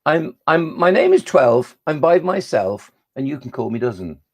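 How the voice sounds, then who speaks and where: A man voicing a shy, lonely male number in a raised, halting voice. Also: on the high side, very animated, a little mellow, slightly rough, voice pushed up, full character voice.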